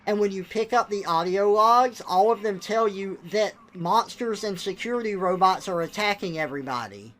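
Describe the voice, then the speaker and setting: A man's voice: sits high, expressive, normal speed, few pauses, a bit bright. A young man on a live stream, ranting bluntly and with exasperation, swearing now and then. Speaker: livestreamer. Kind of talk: casual live-stream rant.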